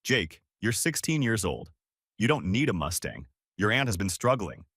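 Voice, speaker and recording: A man's voice: on the low side, sing-song, moderate pace, fairly bright tone, husky, dry recording, studio quality, full character voice. A man voicing a stubborn older grandfather in a read-aloud family story, cold and commanding. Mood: stern.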